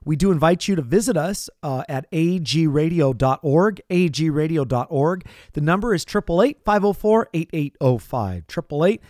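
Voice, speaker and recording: An earnest man opens a radio ministry program, his voice sitting a little high and moving through a lively range. The sound is dry and close, with no room around it. He speaks in an inviting, pastoral way. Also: normal speed, hardly any pauses, no echo.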